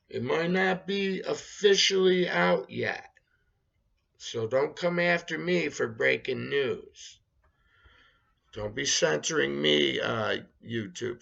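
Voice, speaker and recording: Slow, gravelly sarcastic man. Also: medium pitch, fairly bright tone, muffled recording. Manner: sarcastic, rambling. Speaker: host. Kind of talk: casual monologue reading news.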